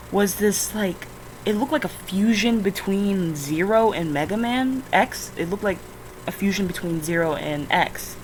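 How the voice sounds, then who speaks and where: A woman's voice: medium pitch, slight background noise, rough recording. A tired woman rambling through a casual screen-recording vlog, swearing often and flaring into frustrated outbursts. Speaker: vlogger.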